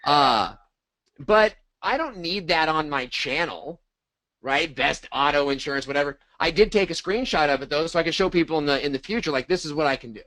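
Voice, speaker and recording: A middle-aged man coaching others on selling to clients, animated and acting out bits of sample dialogue. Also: on the high side, a little fast, no room sound, rough recording. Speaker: co-host of a marketing training. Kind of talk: casual coaching talk.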